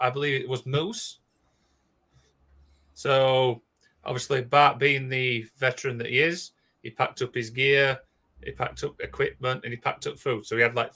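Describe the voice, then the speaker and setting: A man, co-hosting a casual podcast and recounting a strange disappearance, rushing through with frequent restarts. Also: mid-range voice. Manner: excitable, rushed, with many restarts and "obviously". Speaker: podcast co-host. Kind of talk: casual storytelling chat.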